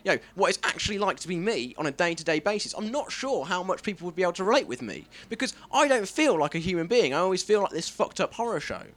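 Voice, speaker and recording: A man performing a self-deprecating stand-up comedy set on a club stage, swearing freely and jumping into squeaky voices for his bits. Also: big pitch swings, quick pace, few pauses, a bit bright.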